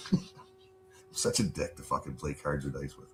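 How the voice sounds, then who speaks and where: A man hosting a casual livestream from home, rambling and swearing a lot in relaxed chat. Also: very deep voice, normal speed, slight background noise. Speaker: livestream host.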